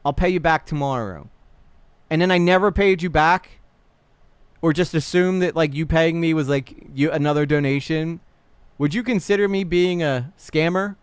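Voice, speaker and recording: A man hosting a casual livestream reaction, animated and blunt, swearing freely while talking to his chat. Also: a little high, moderate pace, clear, resonant tone, no room sound. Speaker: livestream host.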